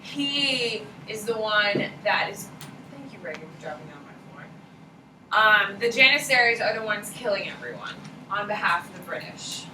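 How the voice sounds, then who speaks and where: A woman teaching a high school history class, talking casually and candidly and swearing offhandedly as she lectures. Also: animated, normal speed, pushed and bright, a little hiss or hum. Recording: echoey classroom from far off.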